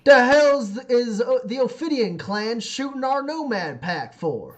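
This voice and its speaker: A man voicing a hot-headed male settlement leader in a tabletop game, shouting in agitation. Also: extremely high pitch, sing-song, a little slow, voice pushed up, full character voice. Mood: angry.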